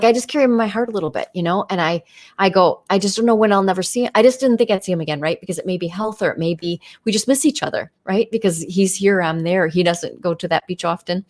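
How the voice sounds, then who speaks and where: Chatty woman hosting a livestream. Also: lowish voice. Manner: chatty and enthusiastic, many fillers. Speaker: livestream host. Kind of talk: casual livestream monologue.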